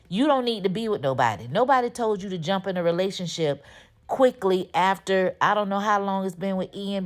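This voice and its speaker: Brisk and lively in intonation, this medium-pitched woman hosts a TV recap, running through an episode in casual slang. She doesn't hold back her opinions, addressing the characters head-on and telling them off.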